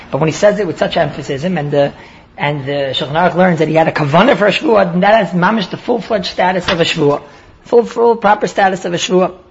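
A man's voice: on the high side, muffled recording, slight background noise. A man giving a daily Talmud lecture in an earnest way, often restarting and repeating words as he explains. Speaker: Talmud teacher.

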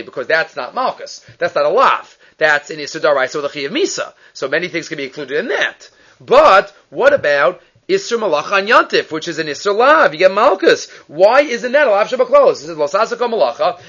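A man teaches a Talmud study lesson in a high, bright-pitched voice. He moves quickly from question to answer and weaves Hebrew and Aramaic terms into his English. The recording sounds dull and lo-fi. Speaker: Torah teacher.

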